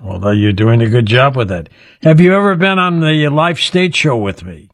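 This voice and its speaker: A man's voice: mid-range voice, sing-song, normal speed, dry recording. A man hosting a radio talk show, teasingly quizzing a mystery guest. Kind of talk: playful radio interview.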